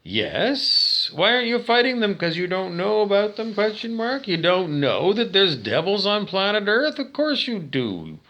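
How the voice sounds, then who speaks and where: A man's voice: high voice, very animated, unhurried, hardly any pauses, sharp tone. A man talking straight to his viewers in a monologue, ranting, swearing and asking questions he answers himself. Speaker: vlogger. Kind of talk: direct-to-camera monologue.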